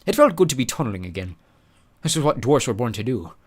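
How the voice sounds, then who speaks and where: A man narrating an audiobook with expressive storytelling. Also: mid-range voice, quick pace. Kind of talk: scripted narration.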